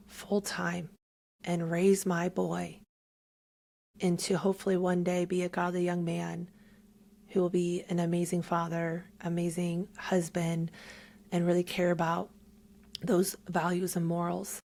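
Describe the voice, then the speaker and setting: A young woman speaks as a guest, telling her faith story in an earnest, emotional way. Her voice sits fairly low and has a gravelly, creaky texture. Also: little pitch movement, unhurried, a little mellow. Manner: earnest, emotional, near tears at times. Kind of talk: heartfelt faith testimony.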